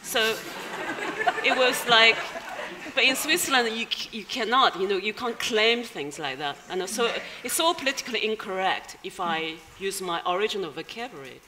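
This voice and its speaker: A woman's voice: mid-range voice, lively intonation, normal speed, crowd noise, noisy background. A woman from China with a Chinese accent, answering questions as a guest writer in an onstage interview, thoughtful and given to small laughs. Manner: thoughtful, laughs between phrases. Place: large hall at a live event. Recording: hall reverb from a live stage.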